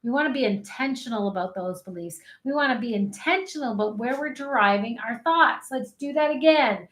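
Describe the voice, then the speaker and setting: A woman life coach leading an energetic online session, cheering people through spoken affirmations. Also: fairly high pitch, fairly quick, roomy sound. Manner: upbeat, encouraging, leads chanted affirmations. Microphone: webcam.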